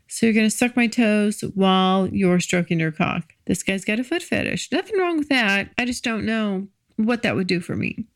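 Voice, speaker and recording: A woman's voice: medium pitch, expressive, moderate pace, vocal fry, few pauses, no room sound, clean studio sound. A woman hosting her own podcast, talking frankly and chattily in a casual solo monologue, laughing easily. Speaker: podcast host.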